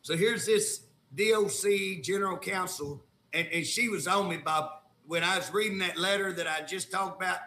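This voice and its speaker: On a relaxed talk show, an Oklahoma-accented man who serves as a state legislator spins an indignant, folksy yarn in colloquial grammar. He speaks at normal speed in a high, pushed, bright voice, and the room sounds echoey.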